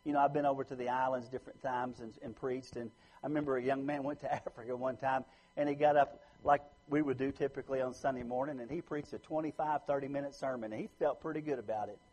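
A man preaches a sermon in a husky, somewhat breathy voice of ordinary pitch. He is from the United States. He rises loud and emphatic, then sinks low and soft. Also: steady tone, fast, hardly any pauses, low-quality recording.

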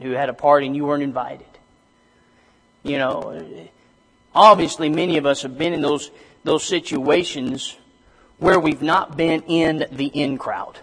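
Male preacher, higher-pitched, hesitant delivery, long church reverb. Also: a bit bright. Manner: halting, many restarts and fillers, rising to emphatic reading. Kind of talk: sermon.

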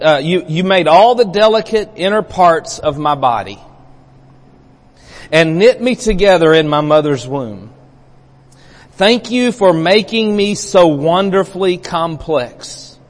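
Folksy man preaching in an echoing church. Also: high voice. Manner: folksy storytelling with repeated words. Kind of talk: sermon.

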